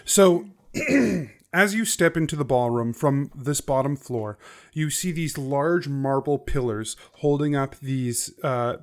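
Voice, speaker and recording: A man narrating a tabletop game as game master, relaxed and full of fillers. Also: mid-range voice, slow. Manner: relaxed, filler-heavy narration with frequent laughs.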